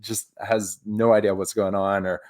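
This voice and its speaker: Guy in his 30s from baltimore, lowish voice, excitable storytelling that jumps into loud exclaims. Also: moderate pace. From Baltimore, USA. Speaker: video host. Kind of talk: casual reaction commentary.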